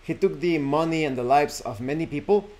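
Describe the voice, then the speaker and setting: A man's voice: on the high side, fairly quick, a little mellow. Rambling man retelling a tale. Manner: rambling, self-correcting, frequent fillers. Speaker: host. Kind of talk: casual storytelling.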